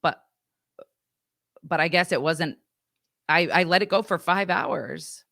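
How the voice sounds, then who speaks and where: A woman's voice: fairly low pitch, takes it slowly, vocal fry, dry recording, studio quality. A woman podcast co-host chatting casually, rambling and acting out what people said. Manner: rambling, animated, acts out quotes. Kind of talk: casual storytelling chat.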